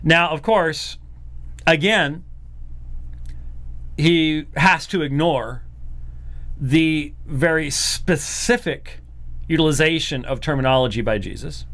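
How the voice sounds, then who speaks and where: Man, animated, incredulous, apologetics commentary, a bit high-pitched. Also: slow pace, pauses often. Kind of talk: commentary on a recorded lecture.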